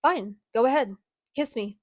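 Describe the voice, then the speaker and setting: A moody teenage boy who talks down to everyone, cold and clipped, as a woman reads him out in her own slightly high voice. The sound is close and dry, with no room around it. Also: measured pace, no room sound. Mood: smug. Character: brooding teenage male hero, curt and harsh.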